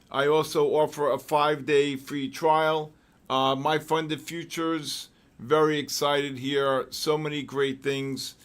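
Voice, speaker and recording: A man's voice: a little high, a bit bright. Male trading-show host, live market talk, rambling and repetitive, prone to exclamations. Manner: rambling, repeats himself, frequent throat clearing; exclamatory asides.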